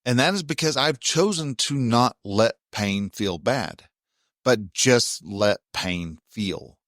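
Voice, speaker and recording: A man's voice: medium pitch, lively intonation, slow pace, a bit bright, no room sound, studio quality. A man, hosting a casual self-help talk in a plainspoken, folksy way with mild cursing. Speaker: self-help podcast host.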